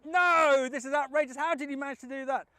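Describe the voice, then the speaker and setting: A man voicing an eager, excitable taxman in a told joke. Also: very high-pitched, fast talker, dry recording. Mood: excited. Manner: eager, exclamatory, gleeful when winning. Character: excitable middle-aged male taxman.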